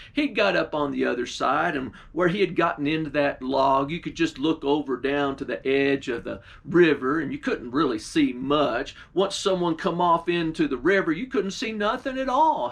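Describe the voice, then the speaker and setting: A male pastor narrating a folk tale with homespun dialect. His voice sits fairly high and he lets the story unfold in a folksy way. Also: fairly bright tone.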